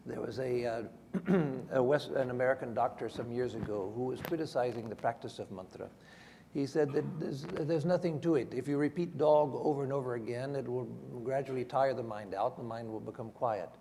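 A man speaking on a panel, explaining his view in a measured way. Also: medium pitch, vocal fry, mellow. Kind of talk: panel discussion. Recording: hall reverb, faint noise.

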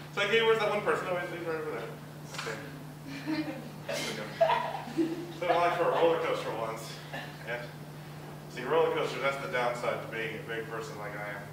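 A man's voice: medium pitch, background noise. A young man performing a rambling, self-deprecating stand-up comedy set as a student comic. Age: young adult. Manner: rambling, self-deprecating, with quick acted-out asides. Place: university talent show stage. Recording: distant, very echoey hall mic with crowd ambience. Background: audience laughter.

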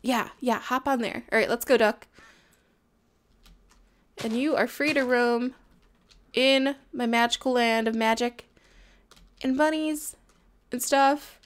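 Young woman, high voice, playful let's-play commentator who chats to her pets on screen. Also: slow pace, long pauses. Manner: playful, talks to in-game animals, excitable outbursts. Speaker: gameplay commentator.

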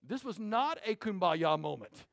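High-voiced preaching man. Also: vocal fry. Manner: animated preaching, quick asides to the congregation. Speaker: pastor. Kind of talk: sermon. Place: church sanctuary.

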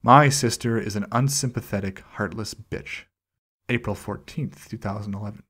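Low, husky-voiced man reading aloud. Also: moderate pace, a bit bright. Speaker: channel host reading a document aloud. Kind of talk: measured first-person reading aloud.

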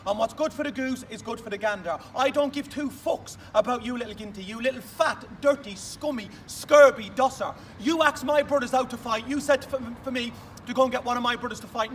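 A man with a Manchester accent delivering an aggressive, taunting rant to camera, shouting insults. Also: very high voice. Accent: Manchester English. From England. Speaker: video ranter. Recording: voice from a distance with faint noise.

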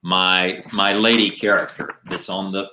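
Man, middle-aged, ventriloquist guest, lowish pitch, bright tone, animated storytelling. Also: a little slow, slight background noise. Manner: animated anecdotes with jokes. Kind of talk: casual storytelling interview.

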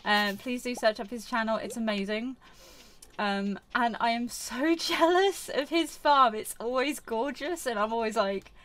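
Her voice is a little high, a bit bright, and slightly slow. This woman, a gaming YouTuber, offers casual commentary as she plays a farming game for her channel, wandering off-topic, chiding herself, and leaning heavily on fillers.

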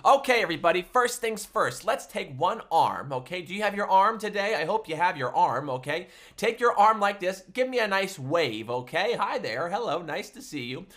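A man teaching a livestreamed music class for small children, talking in an animated, sing-song way. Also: high voice, normal speed, few pauses.

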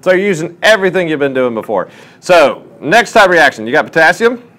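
A man tutors a chemistry class, stopping to question students as he works problems in the classroom. His voice is on the high side and brisk, and he sounds like a lively teacher drawing out answers during the lesson.

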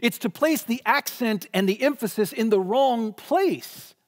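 A man delivers a sermon in a church sanctuary with a high, emphatic voice. He stresses his points and repeats words as he pushes an argument. The sound carries a long hall reverb. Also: lively intonation, measured pace. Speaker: pastor.

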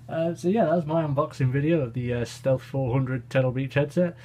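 A man's voice: mid-range voice, fairly even intonation, fairly quick, few pauses, mellow, a little hiss or hum, rough recording. A man giving a casual, rambling, jokey headset review with plenty of fillers and repeats. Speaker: YouTube gadget reviewer. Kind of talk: casual unscripted product review.

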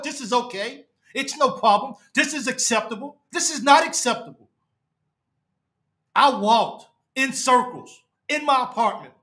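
Distraught man ranting, high bright voice. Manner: upset, halting, repeats himself, trails off low. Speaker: fan podcast host. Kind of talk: emotional live-stream rant. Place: his apartment.

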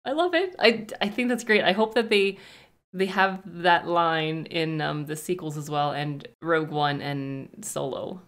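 A woman's voice: low-pitched, measured pace. A young woman hosting a movie reaction, chatting casually and reading trivia in a gushing, rambling way.

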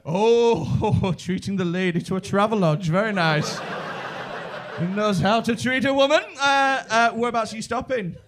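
A stand-up comedian with a Liverpool accent doing crowd work, brash, sweary and teasing. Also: male voice, sits high, moderate pace, noisy background. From Liverpool, England.

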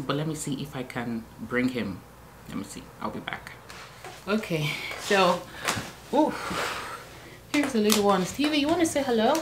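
Low-voiced woman vlogging casually. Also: a little hiss or hum. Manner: chatty, many fillers and restarts, animated when reliving moments. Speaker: vlogger, new mother. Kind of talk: casual vlog storytelling.

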